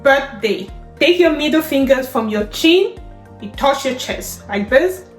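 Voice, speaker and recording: A woman with a high voice teaches signs slowly and patiently, saying each word aloud and then walking through the hand movements. Her voice bounces around an echoey room. Faint music plays underneath. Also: expressive. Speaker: sign language teacher. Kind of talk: step-by-step instruction.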